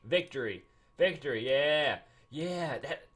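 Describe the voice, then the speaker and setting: Excitable man doing game commentary. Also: mid-range voice, takes it slowly, husky. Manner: excitable, mock-angry, repeats himself. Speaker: gaming YouTuber. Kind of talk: casual gameplay commentary.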